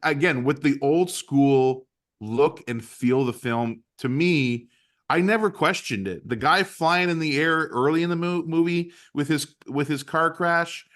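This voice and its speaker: A man's voice: fairly high pitch, measured pace, fairly bright tone. A man co-hosting a casual movie podcast, talking enthusiastically and rambling with frequent restarts. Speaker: podcast co-host.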